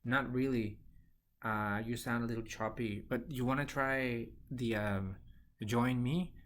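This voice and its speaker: Man, mid pitch, hesitant with fillers, casual call. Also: fairly even intonation, measured pace, a bit bright, slight background noise. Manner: hesitant, with many fillers and restarts. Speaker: video call participant.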